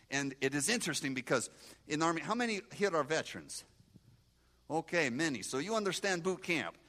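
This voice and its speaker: A man in his sixties from Moldova with a Moldovan accent and broken English, giving an animated testimony sermon and talking back to his audience. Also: fairly high pitch. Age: 60s. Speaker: guest preacher.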